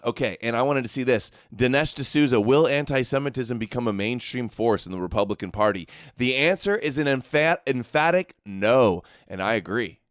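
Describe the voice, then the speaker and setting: A man hosting a livestream, reacting to clips with sarcastic, mocking asides. His voice is smooth and clear at a mid pitch. The sound is dry and close. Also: moderate pace, hardly any pauses, no room sound. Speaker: livestream host. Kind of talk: livestream commentary.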